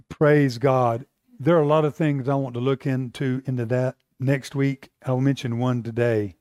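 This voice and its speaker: A man's voice: mid-range voice, steady tone, a little slow, a little mellow, no echo, studio quality. An American man teaching a Bible class, asking the room questions and repeating himself as he builds his points.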